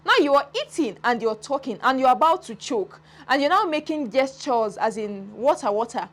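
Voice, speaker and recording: A woman talks through the week's reality-show drama in a lively, swooping voice that sits fairly high. She laughs often and slips into the voices of the people she describes. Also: normal speed. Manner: animated, laughing, dramatic retellings. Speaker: entertainment commentator. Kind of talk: casual reality-show commentary.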